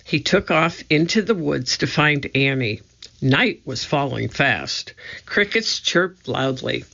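An audiobook narrator reading a children's storybook in a slow, measured way, on a dull lo-fi recording. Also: mid-range voice, expressive, vocal fry, bright, forceful tone.

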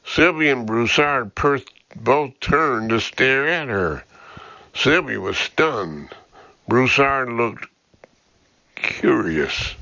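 A man reading a novel aloud as audiobook narrator in slow, even storytelling. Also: medium pitch, gravelly, no echo. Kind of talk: scripted narration. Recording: dull dry lo-fi audio.

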